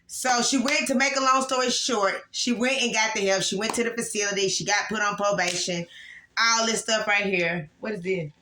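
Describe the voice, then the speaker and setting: Woman, 40s, angry vlog rant, bright tone, echoey room. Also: medium pitch, steady tone, moderate pace, slight background noise. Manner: emotional, repetitive, upset and angry. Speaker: vlogger. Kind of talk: casual vlog venting to viewers.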